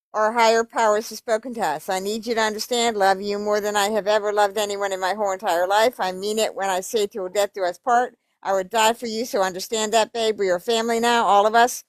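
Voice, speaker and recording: A woman's voice: mid-range voice, no room sound. A woman reading a string of emails aloud and breaking off for blunt, profane commentary. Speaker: YouTube commentator.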